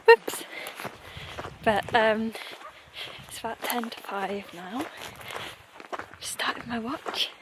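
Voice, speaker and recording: A young woman vlogging casually on a mountain trail, talking in a hushed, often half-whispered, chatty way into a handheld camera. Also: a little high, takes it slowly, long pauses. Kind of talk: casual vlog narration to camera. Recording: windy outdoor noise. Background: wind.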